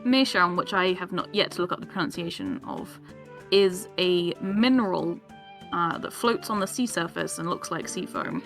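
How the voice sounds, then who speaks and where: A woman's voice: on the low side, moderate pace, creaky, soft background music. A woman chatting on a group game stream, sharing trivia and laughing often. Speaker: streamer co-host. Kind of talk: casual let's-play chat.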